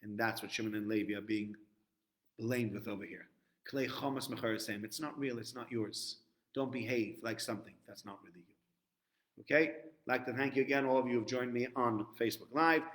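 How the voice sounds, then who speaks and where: A man giving a live-streamed Torah lesson, acting out quotes loudly, then dropping low and quiet to stress a point. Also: brisk.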